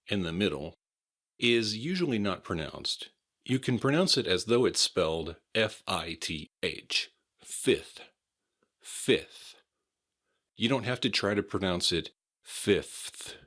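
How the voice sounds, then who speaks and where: Deep, slow American pronunciation teacher. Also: male voice, fairly bright tone. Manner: repeats each word slowly and clearly. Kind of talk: slow, careful pronunciation lesson.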